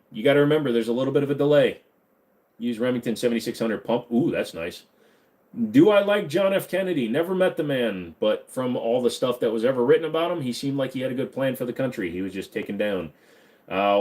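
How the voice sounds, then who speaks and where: A man in his thirties hosting a live stream, reading chat questions aloud and answering them in a loose, joking way. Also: mid-range voice. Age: 30s. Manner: loose, joking, swings between mumbled asides and loud hype.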